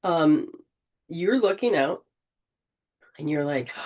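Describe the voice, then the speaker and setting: A woman leading an informal spiritual healing session, gently coaching and often restarting her sentences. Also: on the low side, lively intonation, measured pace. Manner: rambling, with frequent restarts and throat clearing.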